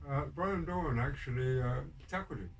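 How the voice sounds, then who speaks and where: A man's voice: mid-range voice, lively intonation, moderate pace. An older man telling prison stories on a podcast, rambling with many ums and restarts and a dry, wry humor. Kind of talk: casual storytelling interview. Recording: distant mic with background noise.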